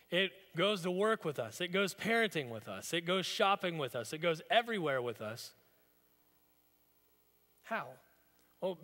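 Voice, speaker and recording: Male pastor, bright, forceful tone, slightly higher voice, casual storytelling sermon, long church reverb. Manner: conversational, storytelling preaching. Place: church sanctuary.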